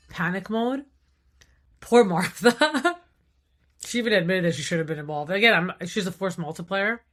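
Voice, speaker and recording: A woman with a thick, raspy voice, hosting a podcast and giving animated, casual commentary on a reality TV show. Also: on the low side. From Iran. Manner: animated, enunciating, quick asides and acted-out quotes. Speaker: podcast host.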